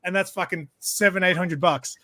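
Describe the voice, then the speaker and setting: Brief: man, slightly high voice, dry close sound, rambling profane storyteller. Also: fairly even intonation, normal speed, sharp tone, no echo. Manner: rambling, swears freely, laughs at himself. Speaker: regular in a group hang-out. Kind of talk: casual storytelling chat.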